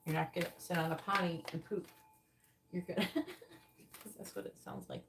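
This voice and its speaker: A woman's voice: fairly low pitch, steady tone, normal speed, background noise. A woman doing a live-stream tarot reading, talking bluntly and swearing often as she explains how to word questions. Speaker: psychic tarot reader.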